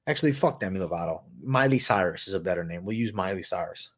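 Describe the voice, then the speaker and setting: A man's voice: deep voice, expressive, fast, fairly bright tone, no room sound, clean studio sound. A young man hosting a livestream, talking in a crude, rambling, profanity-heavy slang as he reads and answers chat. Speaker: livestream host.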